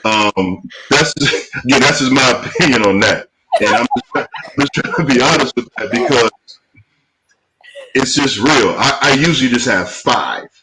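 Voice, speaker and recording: A man's voice: mid-range voice, expressive, noisy background. A man hosting a casual chat as a film producer, blunt and emphatic, on a video call. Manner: blunt, emphatic, drawn-out asides.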